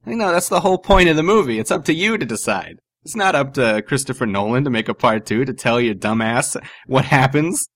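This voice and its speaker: Male podcast co-host, sarcastic and animated, close dry studio sound. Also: medium pitch, a little fast, hardly any pauses, no room sound. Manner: animated, sarcastic, laughs often. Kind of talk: casual podcast banter.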